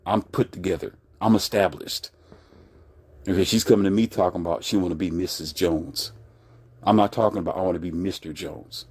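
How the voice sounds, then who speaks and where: A man lectures bluntly on relationships in a brash, self-assured commentary. His voice sits fairly low. The sound is close and dry, with no room around it. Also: steady tone, a little fast, darkish tone, husky, dry recording. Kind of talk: casual commentary monologue.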